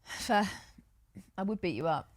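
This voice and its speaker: A woman's voice: medium pitch, lively intonation, unhurried. A woman chatting as a podcast guest in a dry, teasing manner. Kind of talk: casual chat.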